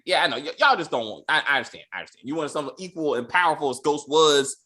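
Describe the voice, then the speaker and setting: A man hosting a casual TV recap chat, animated and profane, breaking into mock voices of characters. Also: fairly high pitch, quick pace. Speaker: podcast host.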